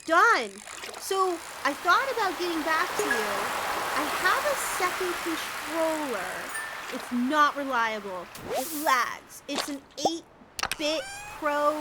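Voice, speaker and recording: A woman game streamer chatting casually and giggling while she plays, talking to her viewers by name. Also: high-pitched. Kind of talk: casual live-stream chat while gaming. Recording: loud background noise with clicks.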